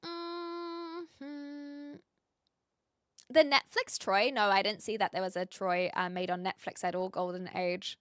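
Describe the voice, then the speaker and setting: A woman's voice: medium pitch, fairly even intonation, slow pace, no echo, clean studio sound. A woman hosting a livestream, chatting casually with viewers in a rambling way, full of fillers and little laughs. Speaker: livestream host.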